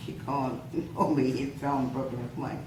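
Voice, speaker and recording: A woman's voice: extremely low pitch, level tone, normal speed. An older woman, a grandmother, chatting with family in a matter-of-fact way and giving practical advice. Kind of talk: casual family chat. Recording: echoey room with background noise.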